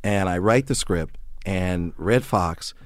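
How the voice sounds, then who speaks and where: A middle-aged man telling stories in a casual chat, animated, acting out the people in his anecdotes. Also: low-pitched, slow, no room sound. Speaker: guest comedian.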